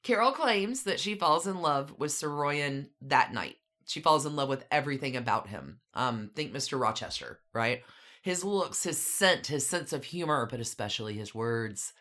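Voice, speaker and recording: Low-voiced woman, podcast co-host, casual storyteller with dry asides. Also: animated, normal speed, a bit bright.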